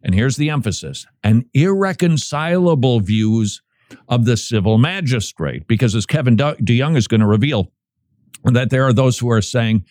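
Reading an article on his talk radio show, this male host keeps cutting in with playful jokes in a casual commentary style. His mid-range voice is expressive and a little mellow, moving at normal speed, captured dry and clean in a studio.

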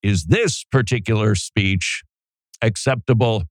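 Low-voiced animated male host. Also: measured pace, no room sound, studio quality. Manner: animated, puts on voices for quotes. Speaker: podcast host. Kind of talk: casual commentary.

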